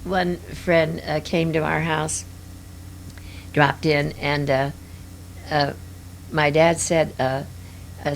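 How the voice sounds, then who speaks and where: A woman's voice: deep voice, flat delivery, slow, vocal fry, pauses often, slight background noise. An older woman reminiscing in an interview, rambling and hesitant with many fillers.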